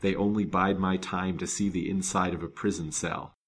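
A man's voice: low-pitched, steady tone, normal speed, slightly rough. A man reading the part of a resolute, gallant detective in a storybook, grave and determined. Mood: vehement. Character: determined, gallant male detective, kind but stern.

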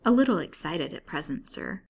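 This is a gentle, humoring female nurse in a storybook reading, with a woman reader putting her on. She sounds soft and placid, like someone calming a patient. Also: low voice, normal speed, gravelly, slight background noise, heavily acted. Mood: soothing. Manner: soothing, placid. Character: placid, kindly female asylum nurse, soothing.

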